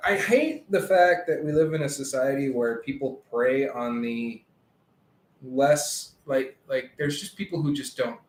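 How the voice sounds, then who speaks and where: A man's voice: medium pitch, unhurried, echoey room, a little hiss or hum, rough recording. A man co-hosting a casual podcast, telling a story and laughing often as he talks. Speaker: podcast co-host. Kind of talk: casual chat.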